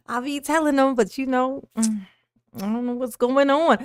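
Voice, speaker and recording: A woman with a bright, high voice hosts a casual livestream and greets viewers by name with affectionate pet names. She talks in an unhurried way, refers to herself as Mama, and laughs often between greetings. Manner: calls herself Mama in the third person. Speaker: livestream host. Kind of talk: casual live-stream chat greeting viewers.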